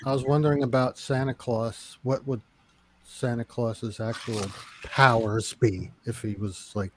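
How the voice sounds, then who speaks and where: A man's voice: mid-range voice, steady tone, measured pace, noisy background. A man in a casual live chat, asking curious questions in a rambling way.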